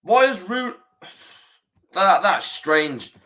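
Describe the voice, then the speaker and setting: Young guy doing a footy watch-along, sweary, bright forceful voice, bit high. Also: big pitch swings, very slow. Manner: frustrated, swears a lot, rants at the referee. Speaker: football watch-along host. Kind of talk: live football watch-along commentary.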